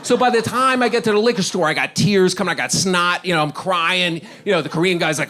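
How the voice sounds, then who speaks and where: A man's voice: high voice, fairly quick, sharp tone. Rambling middle-aged man telling stand-up stories. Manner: rambling storyteller, laughs at his own lines. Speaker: stand-up comedian. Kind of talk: stand-up set.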